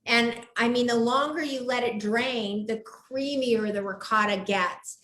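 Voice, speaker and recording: A woman's voice: on the high side, unhurried, fairly bright tone, a little hiss or hum. A woman hosting a live cooking show from her home kitchen, chatting with enthusiasm and gushing over the food. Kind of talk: live cooking demo chat. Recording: echoey room.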